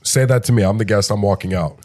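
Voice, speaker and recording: A man's voice: on the low side, fast talker, darkish tone, no room sound, soft background music. A man hosting a casual restaurant-industry chat, asking leading questions and joking with his co-hosts. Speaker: podcast host.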